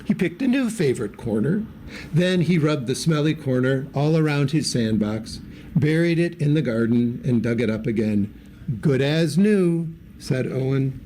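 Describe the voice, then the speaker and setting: A man reading a children's picture book aloud in a lively way, giving the characters little voices. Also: medium pitch, normal speed, slight background noise. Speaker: story reader.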